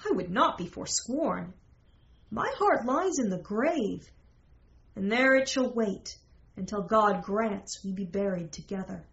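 A woman's voice: mid-range voice, animated, measured pace, vocal fry, fairly bright tone, dull audio. A woman voicing a devoted, grieving young nobleman who speaks solemnly and earnestly.

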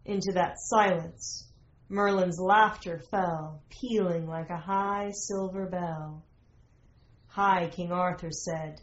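A woman reads a storybook aloud at a slow, unhurried pace, her delivery measured and old-fashioned. The sound is slightly muffled and dull. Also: fairly low pitch, steady tone. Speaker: narrator. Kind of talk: storybook reading.

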